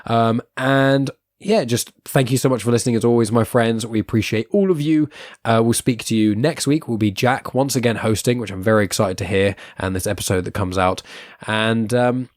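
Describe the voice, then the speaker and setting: A man's voice: mid-range voice, moderate pace, dry recording, studio quality. A man hosting a podcast in casual chat, upbeat and chatty, laughing often as he wraps up. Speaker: podcast host.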